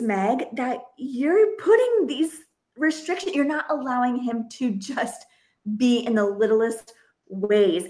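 A woman in her thirties hosts a casual podcast conversation as a parenting coach. Her voice sits fairly high, and she talks earnestly and expressively, often breaking off and restarting her sentences.

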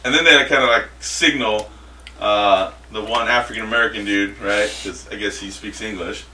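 A man from Southern California tells stories in a relaxed, chatty way, acting out the people in them. His voice is bright and forward. He sounds a little far from the mic, in an echoey room with faint noise behind him. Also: lowish voice, normal speed. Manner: animated storyteller who acts out the people in his stories. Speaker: football coach. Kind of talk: casual storytelling chat.

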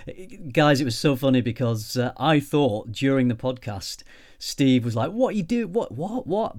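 A man's voice: mid-range voice, a little mellow, dry recording, studio quality. Chatty man, mate-peppered banter. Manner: chatty, jokey, says "mate" often. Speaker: podcast co-host. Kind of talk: casual chat.

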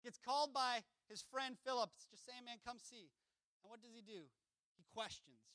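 Man, young preacher, very high voice, dry close sound, impassioned, casual asides. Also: normal speed, smooth, no room sound. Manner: impassioned, building to shouts; casual asides between scripture reading. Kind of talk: sermon.

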